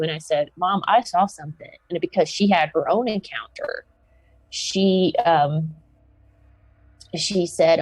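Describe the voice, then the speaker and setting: A Southern American woman, a podcast guest, recounting a personal encounter in an animated way, with many restarts. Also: on the low side, measured pace, no room sound, poor audio.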